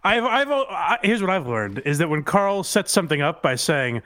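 Male co-host, animated, slightly high voice, dry close mic, deadpan joker. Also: moderate pace, dry recording. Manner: deadpan jokes, self-deprecating when a joke fails. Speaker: podcast co-host. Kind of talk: casual podcast banter.

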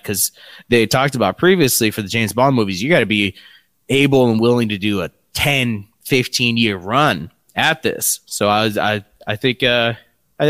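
Guy w a lowish voice rambling on a geek podcast, dry close sound. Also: no echo. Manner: relaxed, rambling with fillers. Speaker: podcast co-host. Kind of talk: casual chat.

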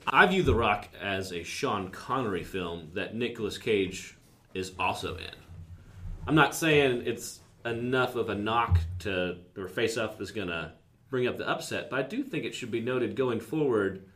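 Lower-voiced man, measured and thoughtful. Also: lively intonation, fairly bright tone. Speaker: podcast co-host. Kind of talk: casual movie chat.

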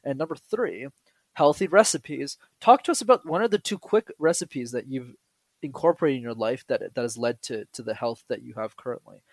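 Animated man telling stories in dry room. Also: mid-range voice, brisk, no echo. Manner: animated storyteller who acts out quoted voices. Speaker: guest speaker. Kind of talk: conversational podcast interview.

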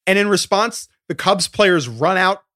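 A man's voice: high voice, expressive, measured pace, bright, forceful tone, dry recording, studio quality. A man co-hosting a sports podcast in a wry, conversational way. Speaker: podcast co-host. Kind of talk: casual sports podcast chat.

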